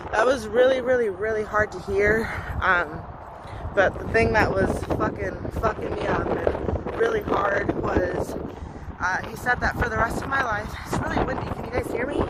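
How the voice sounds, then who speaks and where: Blunt, fast-talking young woman outdoors in wind. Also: medium pitch. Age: 20s. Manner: blunt, swears a lot, talks fast and loud. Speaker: vlogger. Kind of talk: candid personal update vlog. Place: outdoors on a windy day. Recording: wind noise on a phone recording.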